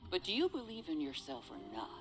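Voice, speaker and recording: A gruff mercenary survivalist. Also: female voice, fairly low pitch, wildly swooping pitch, fast talker, faint music behind, poor audio. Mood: sardonic. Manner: gruff, bossy, sardonic. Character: tough, blunt woman survivalist mercenary. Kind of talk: video game voice acting.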